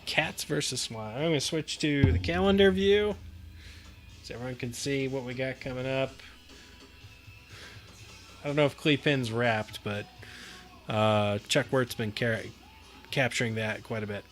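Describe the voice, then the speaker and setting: A man's voice: mid-range voice, unhurried, long pauses, fairly bright tone, soft background music. A man hosting a live pinball stream, chatting casually with viewers, laughing often as he plays. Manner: chatty, laughs often, talks to chat while playing.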